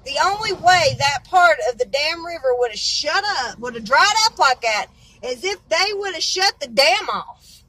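A woman's voice: high-pitched, lively intonation, moderate pace, sharp tone, low-quality recording. A woman vlogging casually, blunt and indignant, swearing freely. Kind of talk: casual vlog.

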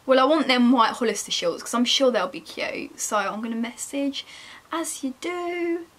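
A woman's voice: a little high, moderate pace, fairly bright tone. A young woman, chatting casually to herself and her viewers while browsing online shops, self-mocking and talkative. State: chilly, wrapped in a jacket. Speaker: vlogger. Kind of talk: casual shopping vlog chat.

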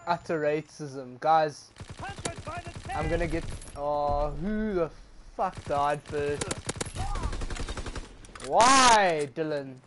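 A man's voice: a little high, slow pace, background noise. A young man talks loosely over his gameplay stream. He swears freely and breaks into laughter often. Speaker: gaming streamer. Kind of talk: casual stream chat.

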